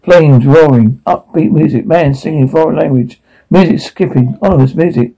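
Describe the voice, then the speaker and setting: Guy flatly reading out sound captions, gravelly and mellow. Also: a little high, normal speed, low-quality recording. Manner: flat, matter-of-fact. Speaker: audio describer.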